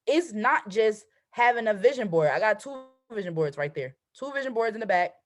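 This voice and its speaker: A woman's voice: mid-range voice, lively intonation, normal speed. A woman in her twenties, a trading coach hosting a motivational live stream over a video call, talking emphatically and asking "right?" at every turn. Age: 20s.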